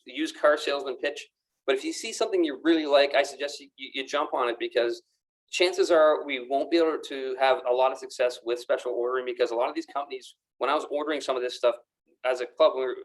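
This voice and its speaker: A man presenting golf apparel on camera in a pro shop, enthusiastic and chatty, often repeating his words as he goes. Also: mid-range voice. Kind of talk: casual product demonstration to camera. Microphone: camera mic, moves around the room.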